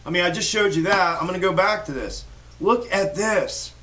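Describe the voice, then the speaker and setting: Talking quickly in a high, bright and forceful voice, a man runs a stock trading livestream picked up by a distant mic. His profane rant is fired-up and rambling, full of restarts and constant cursing.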